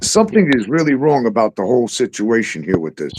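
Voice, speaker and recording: A man hosting a casual talk show, animated and profane, laughing often and acting out exchanges as he tells stories. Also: mid-range voice, fast, background noise. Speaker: show host. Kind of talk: casual podcast chat.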